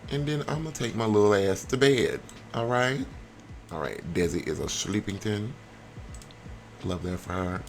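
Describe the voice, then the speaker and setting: Animated young man with slangy commentary. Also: normal speed, a little hiss or hum. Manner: animated, slangy, with sudden high squeals. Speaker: gameplay vlogger. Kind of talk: casual gameplay commentary.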